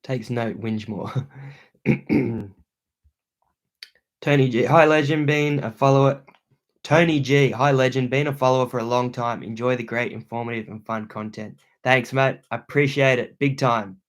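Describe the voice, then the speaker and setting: A man's voice: mid-range voice, fairly even intonation, moderate pace, long pauses. A young Australian man hosting a livestream from a room at home, reading viewer comments aloud and thanking them in laid-back slang. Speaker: outdoor channel host.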